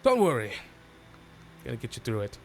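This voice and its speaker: A man voicing a warm, confident male professor who is a veteran of many wars, speaking in a tabletop game. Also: mid-range voice, huge pitch swings, a little fast, gravelly, faint music behind. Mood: welcoming. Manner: upbeat, welcoming, boastful of war stories.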